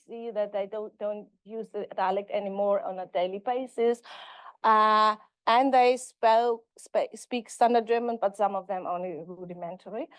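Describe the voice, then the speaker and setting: Female linguistics professor, higher-pitched, giving a conference lecture, halting and self-correcting, close dry sound. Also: smooth, no echo.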